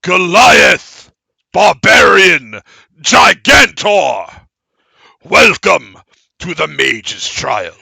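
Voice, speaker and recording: A man voicing giant toothy stone statues that shout in booming voices. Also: expressive, slow, creaky, dry recording, full character voice.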